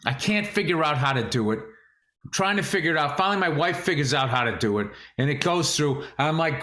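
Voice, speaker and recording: Podcast co-host, male, high bright voice, profane jokey banter in a roomy space. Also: lively intonation, moderate pace. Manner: profane, joking, ribbing his co-host. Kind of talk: casual comedic chat.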